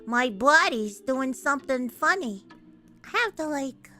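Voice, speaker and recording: Brief: woman streamer and voice actress, high lively voice, laughing self-mocking asides, live game translation. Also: unhurried, faint music behind.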